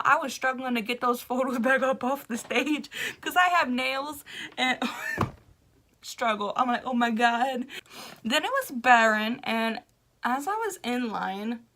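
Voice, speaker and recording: A young woman vlogger casually recounting a story, laughing often and acting out the people she quotes. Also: a little high. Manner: animated, laughing, acts out quoted voices.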